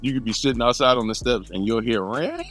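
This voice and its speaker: A man in a casual podcast chat, laughing and chiming in with quick reactions. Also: mid-range voice, a bit bright.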